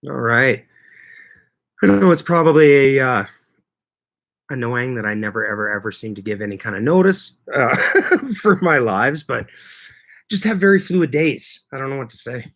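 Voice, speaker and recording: A man's voice: medium pitch, expressive, a little slow, pauses often, a bit bright. A man chatting casually on a livestream, rambling easygoing and laughing often as he greets viewers by name. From Canada. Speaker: livestream host.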